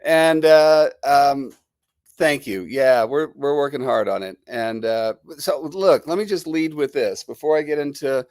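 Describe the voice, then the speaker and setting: A man's voice: a little high, a little slow, darkish tone, no room sound, clean studio sound. A middle-aged man with a New Jersey accent and a lingering cold, hosting a casual live stream and chatting with viewers. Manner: chatty and rambling, greeting viewers. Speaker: livestream host.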